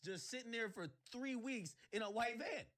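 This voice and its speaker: A man hosting a livestream, ranting sarcastically in casual chat and breaking into shouts. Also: extremely high pitch, moderate pace. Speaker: livestream host.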